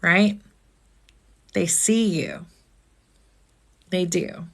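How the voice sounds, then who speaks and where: A woman's voice: on the low side, sing-song, extremely slow, vocal fry. A woman host on a live stream, talking earnestly and asking reflective questions about grief.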